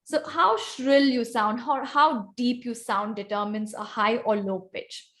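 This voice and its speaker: A woman's voice: a little high, unhurried, a bit bright. A woman with an Indian accent giving an instructive workshop on speaking skills, calling on volunteers by name. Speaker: guest speaker teaching vocal variety. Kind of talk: online club workshop presentation.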